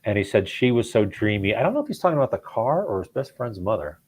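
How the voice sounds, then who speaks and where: A low, husky male voice that leans into relaxed stories and easy asides. He sounds like a man in his thirties chatting among friends, unhurried and amused. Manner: storytelling, chuckling. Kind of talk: casual chat.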